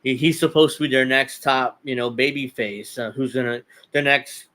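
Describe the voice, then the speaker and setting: A man's voice: medium pitch, steady tone, moderate pace, pushed and bright. A man hosting a casual wrestling podcast, opinionated and rambling, chuckling often as he talks. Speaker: podcast host.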